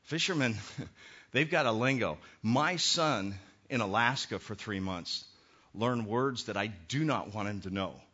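A middle-aged man preaching a sermon as pastor, animated and acting out the voices he quotes. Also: fairly low pitch, a little slow, slightly rough. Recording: muffled lo-fi sermon recording.

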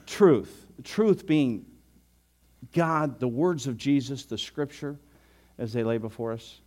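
A man's voice: medium pitch, unhurried. An older man preaching a sermon as a pastor, telling stories with chuckles and frequent word restarts. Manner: storytelling with chuckles, animated and loud in anecdotes; repeats words, restarts.

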